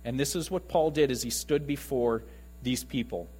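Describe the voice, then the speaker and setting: A man preaching a conversational sermon to his congregation, animated and lively in delivery. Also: medium pitch, normal speed, husky. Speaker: pastor.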